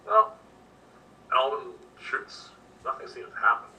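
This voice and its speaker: A man's voice: mid-range voice, lively intonation, unhurried, pushed and bright. A man narrating as game master, describing scenes in an easygoing way with lots of fillers. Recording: distant mic with faint noise.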